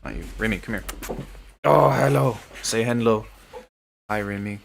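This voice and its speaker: A man with a fairly low voice hosts a casual live stream from home. He talks as a music producer in a relaxed, chatty, joking way. A faint hiss sits under his voice. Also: fairly quick. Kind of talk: casual livestream chat.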